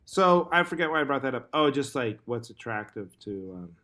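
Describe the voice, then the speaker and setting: A man's voice: mid-range voice, animated, normal speed, pushed and bright. Man rambling jokingly on a podcast. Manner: rambling, joking, lots of fillers. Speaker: podcast host. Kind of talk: casual comedy podcast chat.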